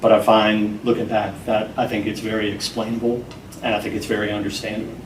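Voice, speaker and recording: Earnest low-voiced man in an echoey room. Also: little pitch movement. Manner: earnest, deliberate and sincere. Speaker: interview guest, program founder. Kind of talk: earnest conversational interview. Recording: echoey room, mic at a distance, faint noise.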